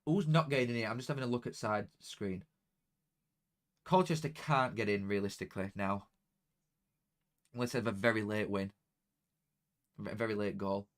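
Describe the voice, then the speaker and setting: A young man talking casually to viewers during a football watchalong, chatty and excitable, dropping into flat mutters and jumping to loud outbursts. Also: fairly low pitch, normal speed, long pauses. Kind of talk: casual live commentary to viewers.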